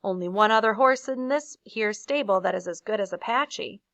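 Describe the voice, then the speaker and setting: A woman's voice: mid-range voice, moderate pace, a bit bright, no room sound, muffled recording, natural voice. A woman reading the part of a folksy male stable hand with a drawling country way of talking. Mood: admiring.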